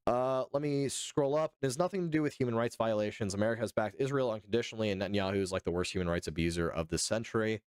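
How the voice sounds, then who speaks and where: A man's voice: fairly low pitch, racing, hardly any pauses, darkish tone, smooth, no echo, studio quality. A man livestreaming casual commentary, reading chat and talking it through in a hesitant way that repeats itself and swears freely. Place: home streaming setup.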